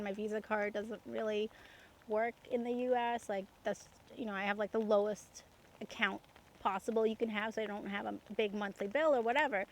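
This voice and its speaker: A young woman from Canada tells a personal story in a relaxed, rambling monologue, with plenty of "like" and "um" and frequent laughter. Her voice sits a little on the high side. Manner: chatty, laughs often, many fillers. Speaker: podcast host.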